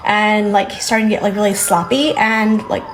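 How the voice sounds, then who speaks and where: A woman's voice: mid-range voice, little pitch movement, normal speed, a little hiss or hum, low-quality recording. A young adult woman telling a story to her phone camera in a chatty, rambling way. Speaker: storyteller recounting a date.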